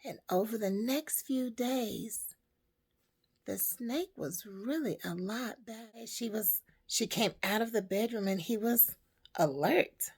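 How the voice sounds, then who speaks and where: Slow, gravelly woman telling a parable. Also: on the high side, a little mellow. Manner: slow, emphatic, preaching to women. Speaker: storyteller and motivational speaker. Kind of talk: spoken parable and life advice.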